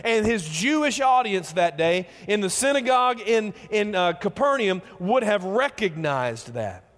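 A man's voice: high voice, big pitch swings, unhurried, a bit bright, long reverb tail. A man preaching a sermon in an earnest way, often repeating words as he builds emphasis. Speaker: pastor.

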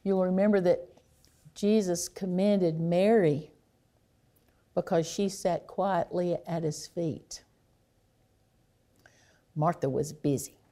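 A woman preaching a sermon, reflective and unhurried, sinking to a near hush on key phrases. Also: lowish voice, steady tone.

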